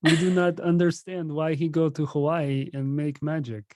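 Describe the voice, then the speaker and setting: A man's voice: a little high, flat delivery, moderate pace, a little mellow, voice pushed up, lightly acted. A man mimicking baffled parents. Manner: bewildered, mocking broken-English delivery. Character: baffled, old-fashioned parents.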